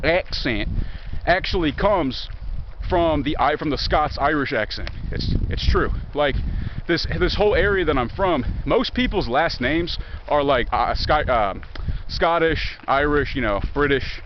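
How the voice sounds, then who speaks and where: This young Southern vlogger from Virginia speaks a little slowly and expressively at a fairly high pitch, barely pausing as he wanders the woods near a highway. He curses, jokes and stays sarcastic throughout, and the recording is muffled with slight background noise.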